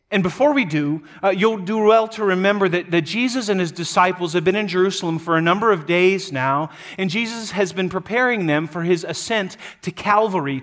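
A man's voice: sits high, a bit bright. A man preaching a sermon as pastor, telling a story earnestly with frequent restarts.

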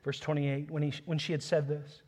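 A man preaching a sermon, reading scripture aloud and building from quiet earnestness to passionate emphasis. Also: on the high side, level tone, brisk. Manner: reads scripture aloud, chuckles softly. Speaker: pastor.

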